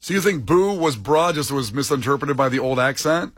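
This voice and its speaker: A man hosting a morning radio show, chatty and quick to laugh, on a studio microphone. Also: medium pitch, lively intonation, slightly rough, no room sound, faint music behind. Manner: chatty, laughs easily, mimics voices. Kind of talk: casual morning radio banter.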